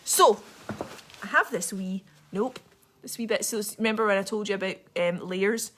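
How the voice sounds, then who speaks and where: Fast-talking Scottish woman, chatty. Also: medium pitch, fairly bright tone. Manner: fast, chatty, rambling with many ums. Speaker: livestream host. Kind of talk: casual livestream chat.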